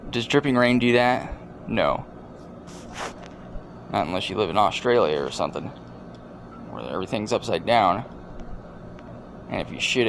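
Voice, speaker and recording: A man hosting a video and commenting casually over clips in a deadpan, rambling, joking way. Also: lowish voice, slight background noise. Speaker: video host.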